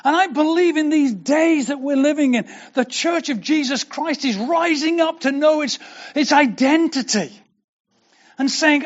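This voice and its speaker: A man's voice: extremely high pitch, measured pace, dull audio. An older man preaching a sermon as pastor, earnest and building to emphatic declarations.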